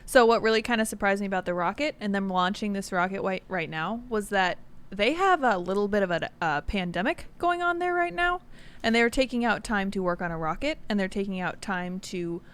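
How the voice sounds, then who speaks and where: Woman, podcast co-host, mid-pitched voice, quick short remarks, casual chat. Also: lively intonation, a bit bright, smooth. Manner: laughing, chiming in with short remarks.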